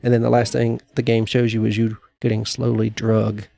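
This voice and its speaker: A man's voice: on the low side, completely flat delivery, moderate pace, gravelly, dark tone. A man co-hosting a podcast, casually retelling things in a rambling way with fillers and restarts. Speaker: podcast co-host. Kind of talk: casual chat.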